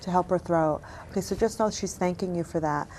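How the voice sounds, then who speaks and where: A woman hosting as a psychic medium, giving a reading in a gentle, apologetic, emotional way that often drops to a soft hush. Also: lowish voice, fairly quick, slight background noise.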